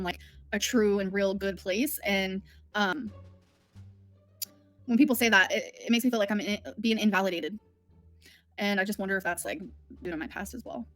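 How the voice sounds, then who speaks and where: A woman hosting a livestream from home, talking in a candid, rambling, emotional way. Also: mid-range voice. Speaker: livestream host. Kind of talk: casual livestream chat.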